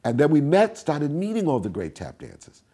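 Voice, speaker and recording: Older male interviewee, husky and warm-toned, animated storyteller. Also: normal speed. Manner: animated storyteller, acts out quotes with big swings in pitch and volume. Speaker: interviewee, tap dancer.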